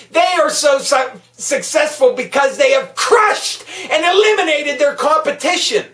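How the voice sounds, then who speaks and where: A woman delivering an angry political rant, swearing constantly and shouting as she talks. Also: sits high, recorded from a distance. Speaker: political vlogger. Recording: echoey room, voice a bit off-mic.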